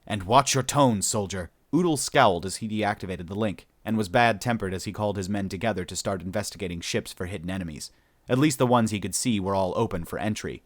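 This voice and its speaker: A man's voice: low-pitched, dry recording. A man narrating a sci-fi story as an audiobook reader, storytelling steadily and voicing each character.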